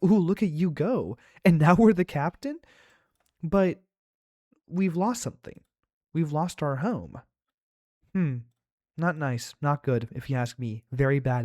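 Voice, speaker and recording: A man talking through a game as he plays, with playful, chatty commentary and sudden gasps of surprise. His voice sits in a middle pitch. The sound is dry and close, with no room around it. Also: darkish tone, no room sound. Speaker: let's play host. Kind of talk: playing a game aloud.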